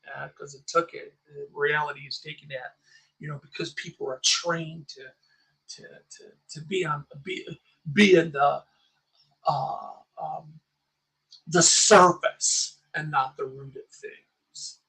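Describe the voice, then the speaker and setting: A man's voice: on the high side, steady tone, slow, creaky, bright, forceful tone, slightly rough, poor audio. A man talking on his own channel in a passionate, agitated ramble, full of restarts and repeated words. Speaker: small channel YouTuber. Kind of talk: livestream commentary.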